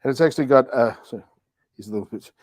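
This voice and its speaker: A man's voice: mid-range voice, quick pace, darkish tone, no room sound. A man co-hosting a casual talk show, telling stories with a playful manner and mimicking animal and neighbor voices. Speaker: co-host. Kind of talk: casual chat.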